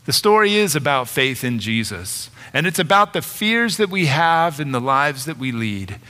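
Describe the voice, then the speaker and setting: A middle-aged male pastor preaching a sermon, retelling a story and growing animated in the dramatic parts. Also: a little high, normal speed. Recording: long hall reverb.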